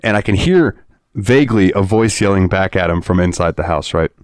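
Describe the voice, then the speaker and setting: Low-voiced, profane laughing podcast host. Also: male voice, lively intonation, a little fast, dry recording, clean studio sound. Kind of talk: casual chat.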